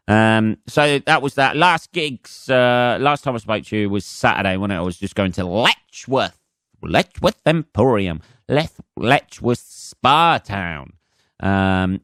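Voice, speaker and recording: A man's voice: on the low side, fairly bright tone, smooth, no room sound, clean studio sound. A man in his forties with an English accent, a comedian hosting his own podcast in a rambling, profane monologue full of fillers and restarts.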